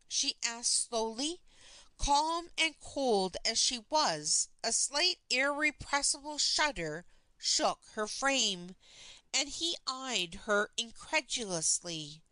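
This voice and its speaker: A woman narrating an unabridged classic novel as an audiobook, in a measured, expressive storytelling manner. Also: a little high, dry recording, rough recording.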